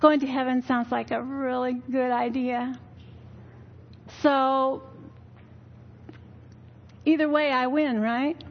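An older woman speaks in a slightly high voice, sharing a weary, earnest testimony with a church gathering. She tells her story candidly and plainly. The recording sounds dull and lo-fi. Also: flat delivery, slow pace, long pauses. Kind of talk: personal testimony talk.

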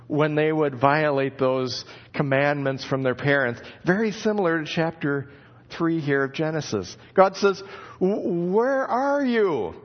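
Middle-aged guy preaching, kinda high voice, animated storyteller, muffled lo-fi sound. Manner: expressive storytelling, acts out calls of "where are you". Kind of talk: sermon. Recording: dull lo-fi sound.

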